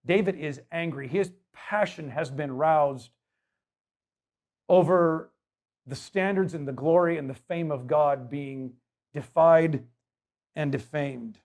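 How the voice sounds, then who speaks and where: A man's voice: fairly high pitch, slow, pauses often, a little mellow. A man preaching a sermon as pastor, emphatic and conversational, putting rhetorical questions to his congregation.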